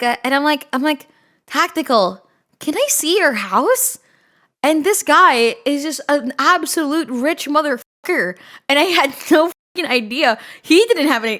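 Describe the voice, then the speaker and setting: A woman streamer talking to her chat in a high, bright, ringing voice. She rambles through stories, swears freely and gets worked up fast. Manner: excitable, swears often, shouts and laughs. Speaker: streamer reacting live. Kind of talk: casual livestream chat.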